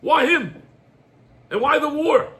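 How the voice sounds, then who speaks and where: A man, a rabbi, giving a lively Torah class in sprinkled quotes. He acts out the dialogue and fires off rhetorical questions. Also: very high voice, slow.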